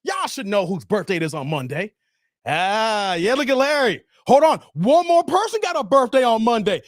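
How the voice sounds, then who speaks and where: Animated man hosting a livestream. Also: high-pitched, normal speed, background noise. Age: 40s. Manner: animated, hyped, laughs often, shouts out viewers. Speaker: livestream host. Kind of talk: casual livestream chat reading viewer comments.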